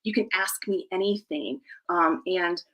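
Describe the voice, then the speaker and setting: Upbeat woman coach pitching her program, bright crisp voice, punchy and emphatic, talking on a live podcast. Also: a little slow, poor audio. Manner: energetic, emphatic motivational delivery. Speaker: life coach, guest.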